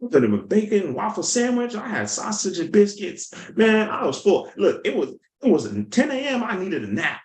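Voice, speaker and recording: A man teaches sales in a lively, storytelling way, his pitch bouncing up and down as he acts out quotes. His voice sits a little high for a man. The room around him is echoey. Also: normal speed, few pauses. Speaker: sales coach. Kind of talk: motivational teaching talk.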